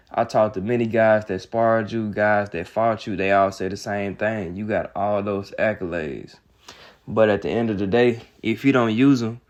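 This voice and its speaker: A man's voice: lowish voice, darkish tone, lo-fi sound. A young man, ranting in casual commentary with a heated, mocking, repetitive manner. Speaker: boxing commentator.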